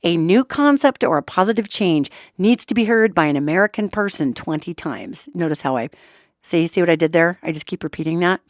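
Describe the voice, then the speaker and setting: A woman host talking through a podcast monologue with a lively, swooping pitch, chatty and emphatic, repeating her points and swearing now and then. Her voice sits close and dry. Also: brisk, no room sound. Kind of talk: talk show monologue.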